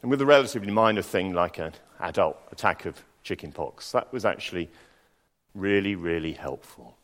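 A man preaching a sermon. He reads scripture slowly, then tells personal stories with dry asides. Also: low-pitched, a bit bright, long reverb tail.

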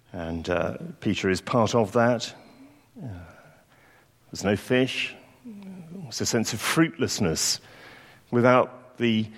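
Man, preacher, reflective storyteller, echoing church hall. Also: mid-range voice. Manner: reflective, storytelling delivery with acted quotes. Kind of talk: sermon. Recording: long hall reverb.

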